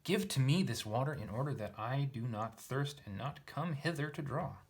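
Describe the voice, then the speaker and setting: A man reading aloud the lines of a questioning woman from a translated text, his pitch lifted a little. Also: expressive, normal speed, slightly rough. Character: Samaritan woman at the well, questioning and wary.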